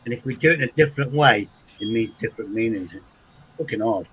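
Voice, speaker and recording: A man with an English accent hosting a casual livestream chat, animated and swearing freely with frequent repeats. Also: mid-range voice, quick pace, slight background noise, poor audio. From England. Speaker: livestream host.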